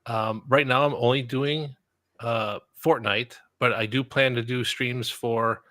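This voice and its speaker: Older guy, laid back, dry jokes, mid pitch. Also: steady tone, measured pace, pushed and bright. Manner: easygoing, dry joking. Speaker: guest. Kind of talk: casual chat.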